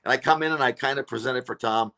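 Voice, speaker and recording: Bright-voiced animated male comedian. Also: medium pitch, racing, vocal fry. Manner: animated storyteller, many fillers and restarts. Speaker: comedian and radio show regular, guest. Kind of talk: casual interview chat.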